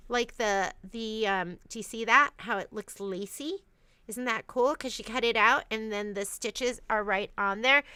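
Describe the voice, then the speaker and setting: A woman's voice: high-pitched, sharp tone, clean tone. A woman hosting a casual store livestream, chatting in a rambling way with lots of fillers and restarts.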